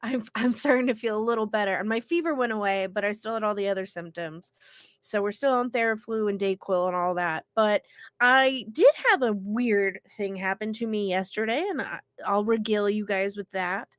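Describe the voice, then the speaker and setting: A woman's voice: mid-range voice, moderate pace, no echo. A woman co-hosting a casual podcast, telling a story with lots of animation and casual swearing, her voice congested from illness. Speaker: co-host.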